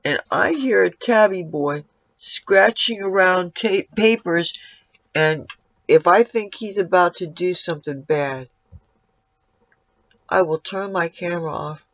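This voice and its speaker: A man's voice: high voice, takes it slowly, vocal fry, a bit bright, dry recording. A man giving a casual makeup tutorial at home, rambling and breaking off to talk to his cat. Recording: dull lo-fi, dry sound.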